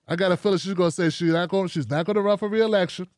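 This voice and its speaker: A man with a high-pitched, racing voice hosts his own commentary show, talking bluntly and casually with lots of profanity before taking phone calls. He's animated and speaks straight at his audience. The sound is clean studio audio with no echo.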